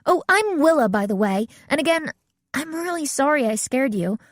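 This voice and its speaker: A woman's voice: a little high, dry recording, studio quality, pitched above the performer's own voice. A woman voicing an eager young teenage girl who gushes apologies in an audiobook. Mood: excited. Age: child of 13 or 14 as played. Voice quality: rushed, gushing apologies.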